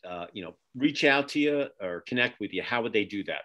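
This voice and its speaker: A middle-aged podcast host and magazine publisher rambles through a casual interview sign-off from his home office over a video call, full of fillers and restarts. His lowish voice is bright and forceful with lively intonation and a brisk pace, though the recording is muffled.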